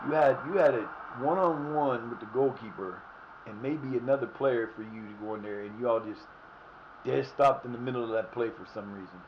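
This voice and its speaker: A man streaming a football management game live, cursing and shouting at his players. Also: medium pitch, brisk, muffled recording, slight background noise. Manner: animated, swears, yells at the game. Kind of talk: live gameplay commentary.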